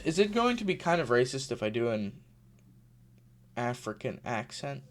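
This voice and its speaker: A man's voice: medium pitch, moderate pace. A man giving casual commentary on online drama, chatty and full of sarcastic asides and fillers. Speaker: YouTube commentator.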